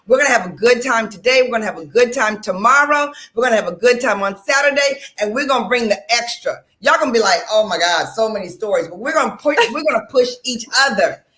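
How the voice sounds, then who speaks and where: A woman's voice: a little high, sharp tone. A middle-aged woman co-hosting a casual radio chat, exuberant and repeating herself for emphasis. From Detroit. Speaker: co-host.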